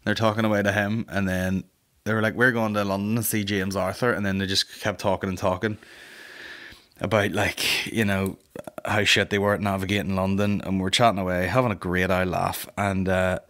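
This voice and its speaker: A young man hosting a podcast, telling a sweary, rambling comic story and slipping into quick comic voices. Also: deep voice, little pitch movement, fairly bright tone. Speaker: podcast host. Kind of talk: casual comedic storytelling.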